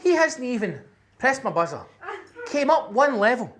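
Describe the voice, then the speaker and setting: High-voiced, sweary Glaswegian comedian. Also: male voice, moderate pace, slight background noise. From Scotland. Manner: animated, sweary storytelling with acted-out shouts. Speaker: stand-up comedian. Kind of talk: stand-up comedy storytelling. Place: comedy venue with live audience. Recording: live stage mic, audience laughter.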